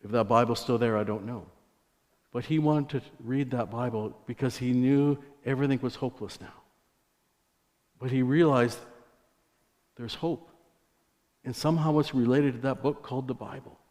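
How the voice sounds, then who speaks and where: A man's voice: medium pitch, moderate pace, pauses often, a little mellow. Male preacher, conversational storyteller, church hall reverb, mid-range voice. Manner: storytelling, conversational with asides to the congregation. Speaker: guest preacher. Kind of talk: sermon testimony. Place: church sanctuary.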